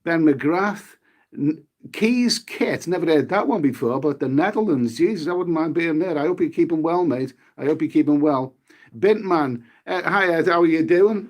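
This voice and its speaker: A middle-aged man, talking on a casual live stream at home. His voice sits a little high for a man, and he rambles along, reading the chat, repeating himself and swearing offhandedly.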